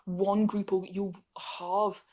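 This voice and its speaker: A woman's voice: medium pitch, takes it slowly. A young woman speaks as an interview guest in an easy, conversational way. She tells her stories with energy and often breaks into laughter. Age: young adult. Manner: animated, laughs often while telling stories. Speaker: interview guest, scare actor. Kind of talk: casual chat, storytelling.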